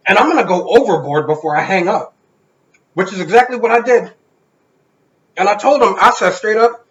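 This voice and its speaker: A man's voice: high-pitched, moderate pace, pauses often, a bit bright. A man co-hosting a casual podcast, telling a story and swearing freely. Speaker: podcast co-host. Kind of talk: casual chat. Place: home garage. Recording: echoey garage, dull lo-fi sound.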